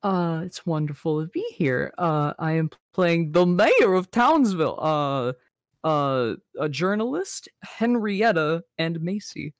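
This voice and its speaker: A woman's voice: deep voice, animated, slow pace, no room sound, clean studio sound. A woman at a casual script reading, polite and mock-formal. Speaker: cast member at a script reading. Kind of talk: casual chat.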